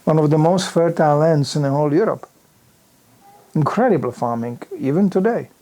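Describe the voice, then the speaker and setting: An older visiting preacher, with a warm, fairly high voice at normal speed, tells a story during a sermon in a temple hall. "You know" asides come often, and he acts out the sound effects himself.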